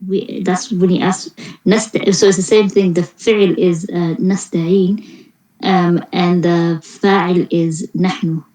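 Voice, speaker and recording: A lower-voiced woman joins an online lesson as a student. She answers haltingly, with plenty of ums and pauses as she works through her thoughts, heard over a video call. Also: fairly even intonation, dark tone, low-quality recording. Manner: hesitant, thinks aloud with fillers.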